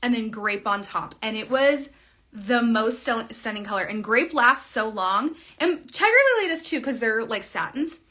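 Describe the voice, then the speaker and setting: Young woman, bright and a bit high-voiced, rambling casual makeup tutorial. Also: measured pace. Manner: chatty, rambling, trails off mid-sentence. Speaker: makeup vlogger.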